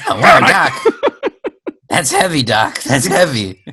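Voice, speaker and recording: A man doing an impression of a young male teen sidekick, with high, breathless exclamations. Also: wildly swooping pitch, slow, bright, forceful tone, slightly rough, exaggerated voice. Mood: awed.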